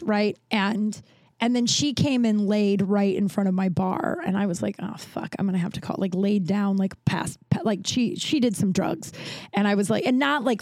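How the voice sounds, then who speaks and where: Woman podcast host, young adult, casual rambling storyteller; mellow voice, dry close mic. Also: medium pitch, no room sound. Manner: chatty, rambling, frequent fillers and self-corrections.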